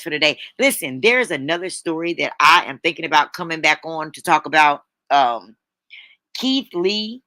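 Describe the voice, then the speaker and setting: A woman hosts a casual motivational live stream in a bright, forward voice. Her talk is chatty and folksy, and she often turns back to her listeners to check in. The sound is dry and close, with no room echo. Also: fairly low pitch. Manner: chatty, folksy, keeps checking in with "right?" and "y'all". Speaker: livestream host. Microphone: streaming setup microphone.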